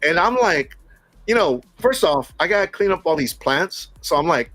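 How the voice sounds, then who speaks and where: A middle-aged man casually telling a story from work, animated, laughing often and acting out what people said. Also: a little high, normal speed, no echo.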